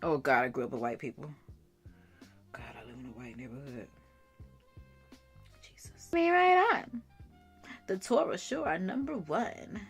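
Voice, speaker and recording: A woman's voice: low voice, lively intonation, measured pace, pauses often, slightly rough, soft background music. A woman hosting a casual livestream, chatting directly to her viewers while she does her makeup. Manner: chatty, talks straight to viewers. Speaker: livestream host. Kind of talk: casual live chat while doing makeup.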